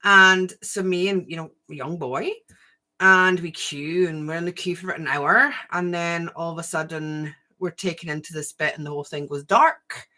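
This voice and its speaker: A middle-aged woman hosting a casual livestream, telling a story in a lively way and acting out the voices of the people in it. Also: fairly low pitch, moderate pace. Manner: animated storyteller, acts out quoted voices. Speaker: spiritual channel host.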